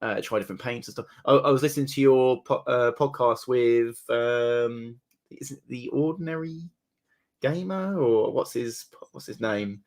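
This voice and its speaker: A man as a guest in a casual hobby chat, agreeable and quick to laugh. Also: medium pitch, a little mellow. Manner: agreeable, laughs often, frequent yeahs. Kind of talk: casual hobby chat over video call.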